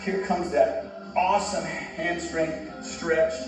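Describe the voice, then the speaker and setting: A man's voice: a little high, fairly even intonation, takes it slowly. Casual man guiding yoga, echoey room. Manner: casual, encouraging, self-joking. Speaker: yoga instructor. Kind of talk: guided yoga instruction. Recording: echoey room, distant mic, soft music.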